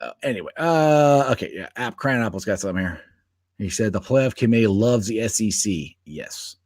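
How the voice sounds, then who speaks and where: Lively, animated sports-podcast co-host man. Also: on the low side, normal speed, no room sound, clean studio sound. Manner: animated, laughs often, restarts sentences. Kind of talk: casual sports chat.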